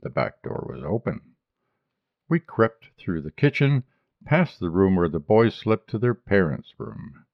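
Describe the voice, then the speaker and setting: A male audiobook reader narrating a short story in a measured, even way. His voice is low and his pace unhurried. The recording is dry and close, with a slightly dull, muffled sound. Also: gravelly, no echo.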